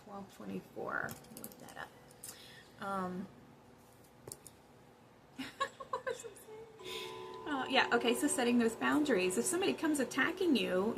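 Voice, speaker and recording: A woman's voice: medium pitch, animated, normal speed, gravelly. Woman rambling earnestly about relationships, lots of "you know", noisy room hum behind her. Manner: chatty, earnest, many fillers, acts out quoted voices. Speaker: spiritual wellness channel host. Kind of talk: casual spoken advice monologue.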